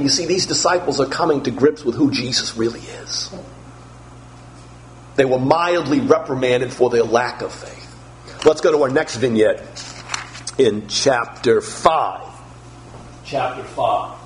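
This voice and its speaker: A man's voice: mid-range voice, a little slow, slight background noise, poor audio. A man preaching an expository sermon, emphatic and repetitive, firing off rhetorical questions.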